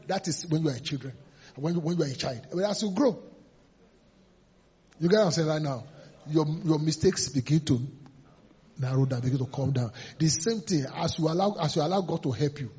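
A man's voice: fairly high pitch, dark tone, slightly rough. A man preaching a sermon as pastor, emphatic and repetitive, sometimes laughing and acting out voices. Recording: dull lo-fi sermon recording.

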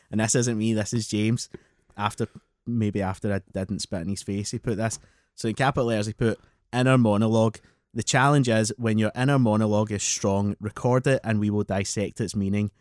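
A man co-hosting a podcast, telling animated, sweary anecdotes and mimicking friends. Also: lowish voice, no echo, studio quality. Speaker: podcast co-host. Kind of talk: casual storytelling chat.

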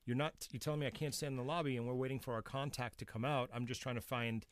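A man's voice: medium pitch, steady tone, fast talker, dry recording, studio quality. A man telling a story in a casual conversation, wryly acting out the dialogue. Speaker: companion of the guest, sharing a story.

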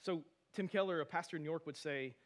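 Fast-talking and a little higher-voiced than most men, the pastor, in his thirties, delivers his sermon like a conversation. Lively stories alternate with friendly tangents.

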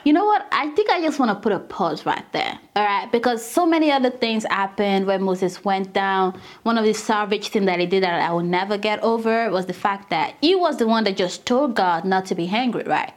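A woman's voice: medium pitch, animated, a little fast, hardly any pauses. A woman giving a casual, conversational Bible teaching, often calling her listeners "guys" and acting out scripture with dramatized quotes.

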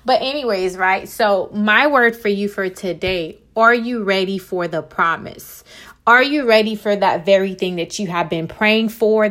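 Chatty animated woman podcast host. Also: medium pitch. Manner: chatty, animated, addresses listeners as girl. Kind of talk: casual faith podcast chat.

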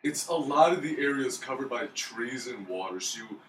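A man co-hosting a gaming podcast while playing the game, excitable and quick to laugh. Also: medium pitch, distant mic. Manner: excitable, laughs a lot, hums tunes. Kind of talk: casual gaming chat. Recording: echoey room, slightly off-mic, faint noise.

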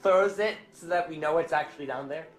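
A man's voice: on the high side, fairly quick. A young man playing a tabletop game, joking and playful. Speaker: player. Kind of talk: casual tabletop play. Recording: echoey room with faint music.

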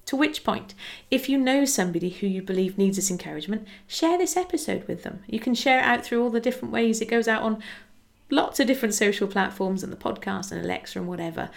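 Gravelly-voiced woman hosting a faith podcast. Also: medium pitch, expressive, quick pace. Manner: earnest and encouraging, acts out little dialogues. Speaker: podcast host. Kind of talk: casual devotional podcast talk.

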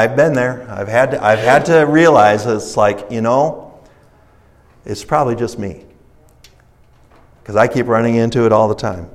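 A man preaching a recovery sermon in a conversational, folksy storytelling style, rising in emphasis and acting out the characters in his stories. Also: mid-range voice. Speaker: pastor leading a recovery ministry.

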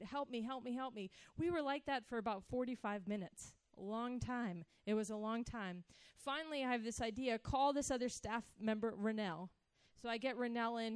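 Dry, clear-voiced woman telling a story. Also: a little high, no echo. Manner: animated, acts out quoted voices. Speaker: speaker sharing a personal story. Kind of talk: personal storytelling talk.

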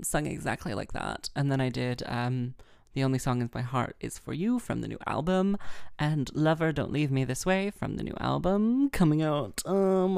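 A woman hosting a casual solo podcast, chatty and self-mocking, rambling with lots of fillers and a heavy vocal fry. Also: a bass voice, darkish tone, dry recording, clean studio sound. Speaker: harpist and podcast host.

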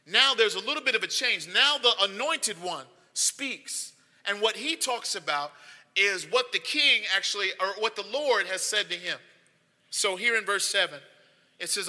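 A man's voice: high voice, lively intonation, normal speed, bright, forceful tone. A man preaching a sermon as pastor, talking in a conversational way that rises into emphatic, repeated lines. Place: church sanctuary. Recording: long hall reverb.

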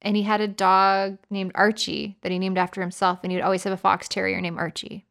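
A woman's voice: medium pitch, level tone, fairly quick, gravelly, fairly bright tone. Canadian woman, podcast co-host, breezy and joking. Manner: chatty, playful, slips into joking accent impressions. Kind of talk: casual chat.

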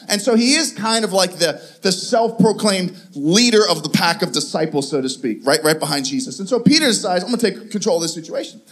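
A man preaching a lively sermon, his voice sitting high for a man. He tells stories, acts out the voices of the people in them and laughs often as he goes. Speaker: pastor.

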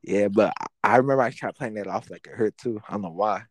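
A man's voice: fairly low pitch, fast talker, dry recording. A young man telling a schoolyard fight story in casual, profane slang, acting out his own past lines.

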